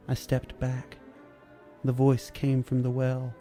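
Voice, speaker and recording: A man narrating a story in a measured, steady reading voice, with soft music behind. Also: medium pitch.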